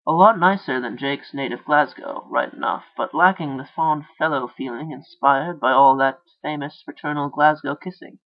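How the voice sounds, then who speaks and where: A man's voice: fairly high pitch, moderate pace, few pauses. A man reading a story aloud, lifting his voice for the characters' dialogue. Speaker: narrator. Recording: dull lo-fi recording.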